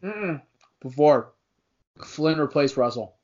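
A man's voice: a little high, lively intonation, slow pace, a little mellow. A man co-hosting a casual sports podcast, rambling and teasing, often correcting himself mid-sentence. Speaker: podcast co-host. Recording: dull lo-fi podcast audio.

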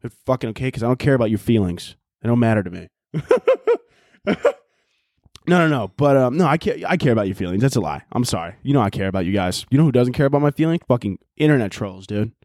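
A man's voice: mid-range voice, very animated, fast talker, a little mellow, no room sound. A young man riffing alone on his podcast, swearing freely and mocking himself. His voice sits mid-range and the sound is dry and close, with no room around it. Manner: profane, rambling, self-mocking. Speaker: podcast host. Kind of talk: solo comedic podcast rant.

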